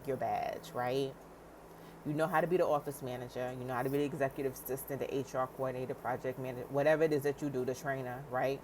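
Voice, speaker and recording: In a motivational vlog, a woman with a low, slightly mellow voice coaches new business owners in a direct, encouraging way. She acts out their inner doubts and laughs often, with slight background noise in the recording.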